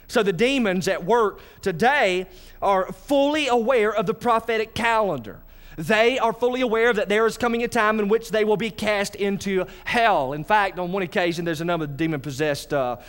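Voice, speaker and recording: Male preacher, sermon, fairly high voice, lively delivery, talks to the congregation. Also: a little fast. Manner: animated preaching, addresses congregation directly. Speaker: pastor.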